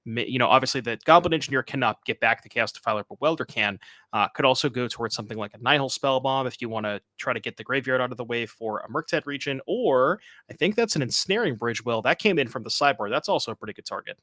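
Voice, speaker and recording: A man's voice: medium pitch, lively intonation, quick pace, bright, forceful tone, no echo. A man doing live card game commentary as co-commentator, analytical as he breaks down plays and options.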